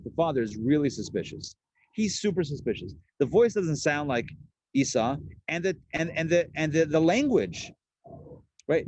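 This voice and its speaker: A man, a rabbi, teaching a live Torah class in a chatty, lively way and acting out the people he quotes. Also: on the high side, husky, dry recording.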